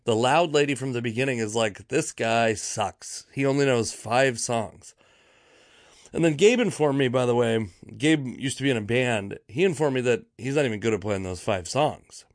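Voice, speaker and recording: A man's voice: medium pitch, brisk, hardly any pauses, no echo, clean studio sound. Wry, rambling man telling a story. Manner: rambling, wry, exaggerating for laughs; frequent fillers and self-corrections. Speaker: podcast host. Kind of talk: casual comedic storytelling monologue.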